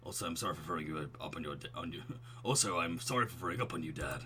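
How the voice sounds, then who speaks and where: Goofy baby voice but low, kinda soft, guy doing it. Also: animated, quick pace, a little hiss or hum. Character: baby talking through his dad.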